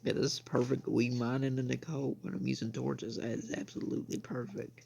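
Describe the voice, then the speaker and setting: A young American man hosting a gaming channel rambles through casual gameplay commentary, repeating "I mean" and "bro" constantly. His mid-range voice is flat, brisk, gravelly and mellow, with a breathy edge.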